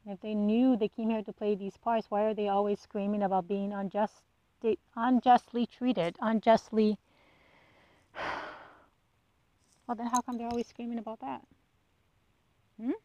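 A woman's voice: medium pitch, little pitch movement, measured pace, long pauses, mellow, no room sound, highs cut off. A woman hosting a solo podcast, talking bluntly and with exasperation, swearing freely and firing off rhetorical questions. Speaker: podcast host. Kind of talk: casual solo monologue.

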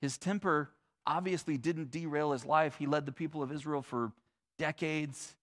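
Animated, conversational male pastor. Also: a little high, moderate pace. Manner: conversational and animated, with casual asides. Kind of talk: sermon.

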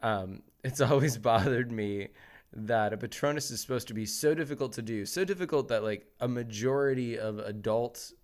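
A man co-hosting a casual podcast while he has a cold, relaxed and joking. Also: medium pitch, normal speed. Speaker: podcast co-host.

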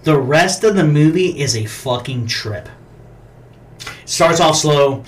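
A man's voice: on the high side, expressive, slow pace. A man co-hosting a podcast, casually retelling a film scene in a profane, rambling way. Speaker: podcast co-host. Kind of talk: casual chat.

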